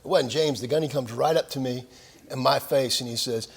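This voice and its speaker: Gravelly older man telling war stories. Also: mid-range voice, brisk, big-room sound. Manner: folksy, self-deprecating storytelling with many fillers. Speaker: guest speaker at a military lecture series. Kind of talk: anecdotal lecture. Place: lecture hall of a club.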